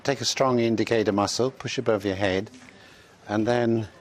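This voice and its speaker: A man's voice: fairly low pitch, fairly even intonation, normal speed. A man presenting at a workshop, explaining a technique step by step in an instructive way. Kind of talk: live workshop demonstration.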